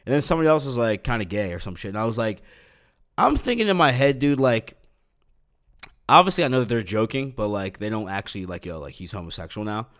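A young man talking off the cuff on his own podcast, swearing freely and circling back through restarts and fillers. His pitch sits in the ordinary middle range for a man. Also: sing-song, fairly quick, fairly bright tone. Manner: rambling, profane, full of fillers and restarts. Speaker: podcast host. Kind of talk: casual solo podcast rant.

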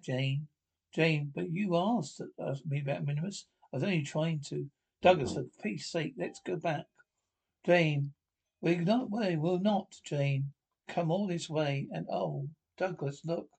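A man's voice: a little high, gravelly, darkish tone, husky. A man reading a radio horror script aloud, voicing every part and the stage directions, with frequent slips and restarts. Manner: halting read-through with slips and restarts. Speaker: script reader.

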